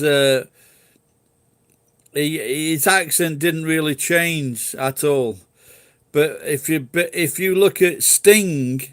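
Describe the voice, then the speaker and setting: A man's voice: on the high side, no room sound, studio quality. A man from England chatting casually in a rambling way, swearing freely and laughing easily. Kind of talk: casual chat.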